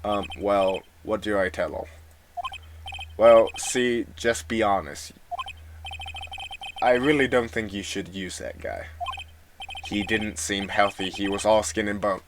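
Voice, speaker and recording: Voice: sits low, slow pace, long pauses, noisy background, pitched below the performer's own voice. A fan voice actor voicing an earnest young male lawyer who asks plain, pressing questions. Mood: questioning. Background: music.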